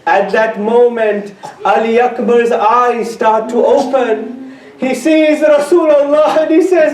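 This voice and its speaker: Male preacher, mourning sermon, unhurried and lamenting; distant mic, roomy echo. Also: very high-pitched, fairly even intonation, a little mellow. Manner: slow, drawn-out, lamenting delivery with emotional swells. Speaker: speaker giving a Muharram mourning sermon. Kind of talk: sermon narrating with grief. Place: mosque or community center hall. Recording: echoey room heard from a distance.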